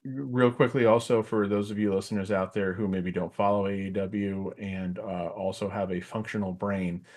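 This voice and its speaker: A man's voice: fairly low pitch, normal speed, few pauses. A middle-aged man co-hosting a podcast, chatting casually about wrestling in a rambling way with lots of fillers. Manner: rambling, filler-heavy, animated asides. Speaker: podcast co-host.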